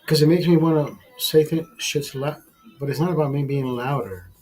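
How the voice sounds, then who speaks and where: A man's voice: a little high, moderate pace, darkish tone, breathy edge, poor audio. A man hosting a casual drinking livestream, tipsy, talking in a rambling, profane way and restarting his words. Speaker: livestream host.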